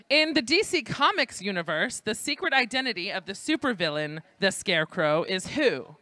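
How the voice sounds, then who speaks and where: With a sing-song, medium-pitched voice at normal speed, this host sounds bright and forceful, and there's no echo. He has a New York accent and runs a live trivia game show at a library student event, tossing playful, jokey asides to the audience.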